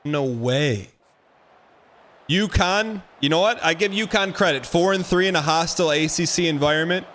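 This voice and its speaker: A man streaming a football video game, giving excitable running commentary and repeating phrases as he plays. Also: a little high, normal speed. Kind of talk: live gameplay commentary.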